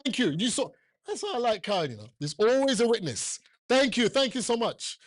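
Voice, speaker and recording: A man's voice: very high-pitched, big pitch swings, fairly quick, dry recording, studio quality. A man preaching a sermon, emphatic and repetitive, joking with the congregation and often asking them questions. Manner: asks the listeners questions often.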